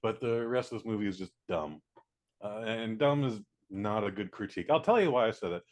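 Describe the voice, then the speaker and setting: A man giving a casual spoken movie review, blunt and profane, acting out scenes in quick little voices. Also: fairly low pitch. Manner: blunt, profane, animated, mimics characters.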